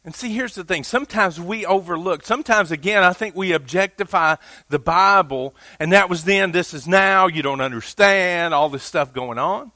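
A man's voice: high-pitched, normal speed, hardly any pauses, bright, forceful tone, no room sound. A man preaching a sermon as pastor in a loose, conversational way, building to emphatic rises on key points. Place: church.

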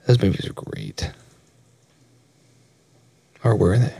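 A man's voice: on the low side, sing-song, moderate pace, no room sound. A young man co-hosting a podcast in casual chat, rambling, laughing often and swearing freely. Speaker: podcast co-host.

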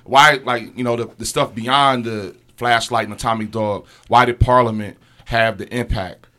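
A man chats on a casual podcast, his tone bright and forward. He rambles reflectively, restarting phrases and leaning on fillers as he thinks. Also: mid-range voice, fairly even intonation, normal speed. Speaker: podcast co-host. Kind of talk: casual chat.

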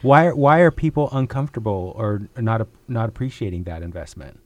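Halting male podcast host probing. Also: on the low side, animated, no room sound. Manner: halting, restarting, probing questions. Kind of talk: interview questions.

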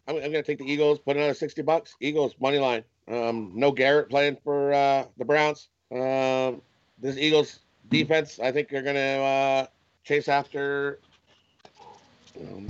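A man's voice: mid-range voice, clear, resonant tone, muffled recording. A man giving his betting picks in a casual chat, hesitant and full of fillers. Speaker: panelist.

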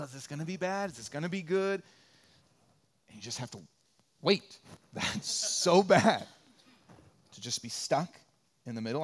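A man preaching a sermon as pastor, repeating phrases for rhythm and dropping from loud peaks to quiet asides. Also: mid-range voice, gravelly. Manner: conversational and joking, acts out little quoted voices.

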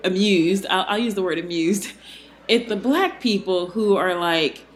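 A woman's voice: mid-range voice, expressive, unhurried. A woman co-hosting a casual podcast chat, talking loosely with many fillers and frequent laughs. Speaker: podcast co-host.

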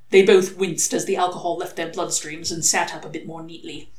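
A woman reading a comic novel aloud, expressive and lively. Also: fairly low pitch, fairly quick, a little hiss or hum. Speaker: reader. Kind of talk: audiobook-style novel reading. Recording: echoey room.

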